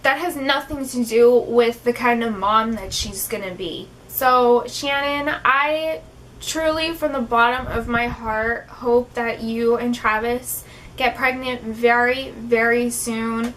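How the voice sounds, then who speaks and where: A woman's voice: fairly high pitch, steady tone, slow, fairly bright tone, a little hiss or hum. A young woman vlogging in an emotional, heartfelt way, tearful at times, with many fillers like "um" and "like". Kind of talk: emotional personal vlog talk.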